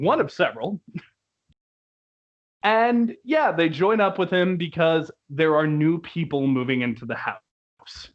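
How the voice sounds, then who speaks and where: A young man reviewing a musical in casual chat, laughing often and quoting lines in put-on voices. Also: on the high side. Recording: dull lo-fi recording.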